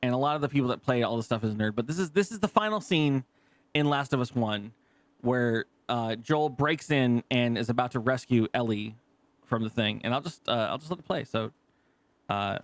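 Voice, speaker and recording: A man's voice: medium pitch, lively intonation, brisk, no room sound. A man streaming live, talking casually to his chat, rambling with frequent restarts, swearing freely and laughing easily. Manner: rambling, lots of restarts and fillers. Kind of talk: casual live gameplay commentary.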